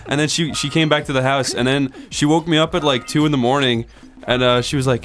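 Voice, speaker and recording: A man in the middle of his voice range tells a long, rambling anecdote during a gaming session, breaking into shrill impressions of the people in the story. Loud game music plays underneath. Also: steady tone, moderate pace. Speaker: co-host of a gaming show. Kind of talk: casual storytelling over gameplay.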